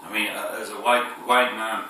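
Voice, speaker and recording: A man's voice: fairly low pitch, level tone, moderate pace, sharp tone, heavy reverb, far from the mic, slight background noise, poor audio. Fields: man, northern English accent, rambling vlog. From north of England. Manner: rambling, hesitant, many fillers and restarts; chuckles between phrases. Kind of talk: casual vlog to camera.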